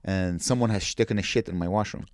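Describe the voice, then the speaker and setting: A man's voice: fairly low pitch, fast talker. A man from Canada co-hosting a comedy podcast, chatting casually in a rambling, irreverent, joking way. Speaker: podcast co-host.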